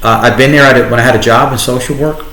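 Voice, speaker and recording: A middle-aged man with a New York accent, telling his story as a guest in a conversational interview, animated and restarting often. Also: medium pitch, fast talker. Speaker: guest, entrepreneur and radio host. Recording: echoey room.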